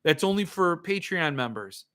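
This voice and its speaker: A man's voice: a little high, very animated, moderate pace, fairly bright tone. A man hosting a livestream, ranting sarcastically and answering viewer comments in casual chat. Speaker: podcast host.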